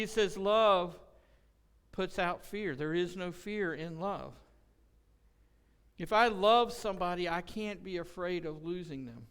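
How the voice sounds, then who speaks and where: A male pastor delivers an impassioned sermon in a church, his high voice rising loud whenever he acts out a quote. His tone is smooth and resonant. The sound carries a long hall reverb around him. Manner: impassioned preaching, rising loud when quoting. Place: church sanctuary.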